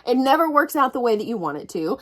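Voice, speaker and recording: A young woman book vlogger in a casual reading vlog, expressive and swearing freely as she gives her reactions. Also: a little high, fast.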